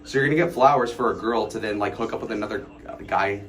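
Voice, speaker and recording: Soft music plays under a fairly low, somewhat bright voice that talks at a quick clip. He's a man in his twenties on a late-night livestream, rambling and cursing through mocking stories as he reads chat aloud and responds.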